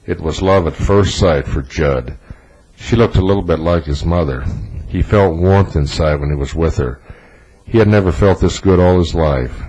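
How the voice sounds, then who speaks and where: A man reading a novel aloud as narrator in a flat, even delivery. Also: deep voice, slightly rough, lo-fi sound. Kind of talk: audiobook narration.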